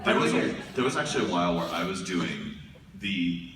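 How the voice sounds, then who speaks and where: Very low male voice, easygoing panelist; echoey hall, mic from afar, noisy room. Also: brisk. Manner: relaxed, self-deprecating, restarts often. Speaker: voice actor on a panel. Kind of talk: casual anecdotal talk. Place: large convention hall. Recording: echoey hall, distant mic, background noise.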